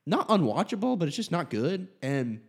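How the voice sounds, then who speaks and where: Lively, wry young man. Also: on the high side, normal speed, breathy edge. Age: 20s. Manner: lively, wry, hedging with fillers. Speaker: podcast co-host. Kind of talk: casual chat.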